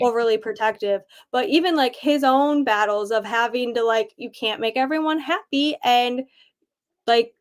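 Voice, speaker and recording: A young woman with a high voice talks through a book in a relaxed, chatty way. She laughs often and fills her sentences with little filler words. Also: moderate pace, smooth. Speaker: book club discussion participant. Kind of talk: casual book discussion.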